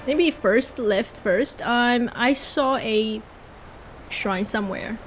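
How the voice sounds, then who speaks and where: While gaming on stream, a young woman with an Australian accent keeps up a chatty commentary and responds to her chat. She speaks slowly in a fairly high voice, with slight background noise.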